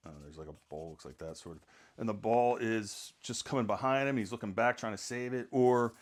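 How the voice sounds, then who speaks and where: Rambling middle-aged man, throat clearing. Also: lowish voice, brisk. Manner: rambling, self-mocking, frequent throat clearing. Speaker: sports photographer. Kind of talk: casual how-to vlog.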